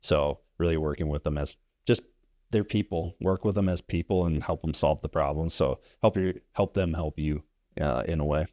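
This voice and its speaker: Deep-voiced landlord telling a story. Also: male voice, moderate pace, mellow, no echo, clean studio sound. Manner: rambling, tags sentences with "right?". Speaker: landlord and investor guest. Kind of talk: casual podcast storytelling.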